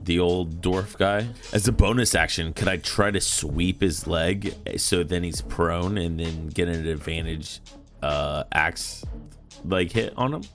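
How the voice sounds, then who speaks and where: A man's voice: deep voice, unhurried, faint music behind. A young man playing a tabletop game, talking casually and hesitantly with many fillers. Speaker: player.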